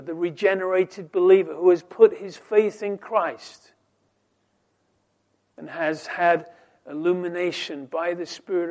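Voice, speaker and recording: A man with a high voice preaches a sermon at an unhurried pace. He quotes scripture deliberately and draws out key words. His voice drops to near murmurs, then climbs loud and emphatic on the big questions. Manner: swings from soft murmurs to loud emphatic rising lines.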